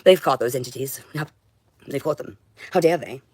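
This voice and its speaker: A woman's voice: rumbling low, normal speed, darkish tone, husky, no room sound. A woman streaming alone, talking in an intense, profane ramble of short broken phrases. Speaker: livestreamer. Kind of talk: rambling solo livestream monologue.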